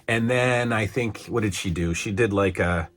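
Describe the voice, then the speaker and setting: A man in his forties talks through an old wrestling show in a casual, meandering review. His voice sits a little low, and he rambles, stopping and restarting his sentences with plenty of fillers. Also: moderate pace, a bit bright, a little hiss or hum. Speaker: podcast host reviewing old wrestling shows.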